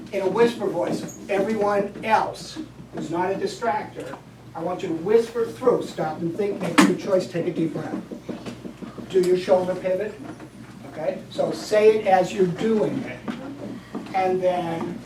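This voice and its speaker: A woman's voice: on the low side, background noise. Woman teacher coaching a class. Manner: directive, coaching a group through steps. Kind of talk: classroom instruction. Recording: echoey classroom from far off.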